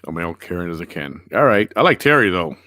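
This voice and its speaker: A man's voice: low voice, sing-song, fast, sharp tone, no echo, clean studio sound. A male podcast host chatting casually and reading out viewer comments, wry and sarcastic.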